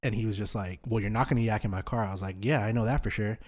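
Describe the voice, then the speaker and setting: A young man in his twenties tells a night-out story on a podcast, in a fairly low voice. His talk is loose, slangy and full of swearing. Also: racing, a little mellow. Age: 20s. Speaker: podcast host. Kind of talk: storytelling in casual chat.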